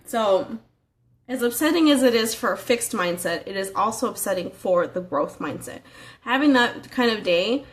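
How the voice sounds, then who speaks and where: A woman's voice: mid-range voice, fairly bright tone. A woman giving a casual motivational training talk as a life coach, earnest and conversational, asking the listener rhetorical questions.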